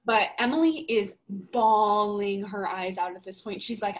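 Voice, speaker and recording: A young woman co-hosting a podcast, telling a story in a casual, animated way and swearing a lot. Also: medium pitch, measured pace, hardly any pauses, poor audio. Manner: animated, profane, emphatic storytelling. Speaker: podcast co-host.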